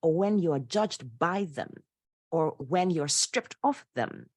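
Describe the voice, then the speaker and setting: Low-voiced animated woman podcast guest. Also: measured pace, dry recording. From Poland. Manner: animated storyteller, inspirational tone. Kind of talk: conversational interview.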